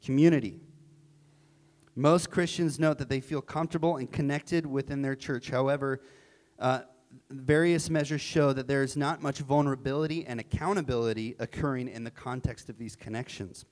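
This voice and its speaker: A man's voice: medium pitch, fairly even intonation, moderate pace, darkish tone. A male pastor preaching a sermon in an earnest, emphatic way, often repeating key phrases.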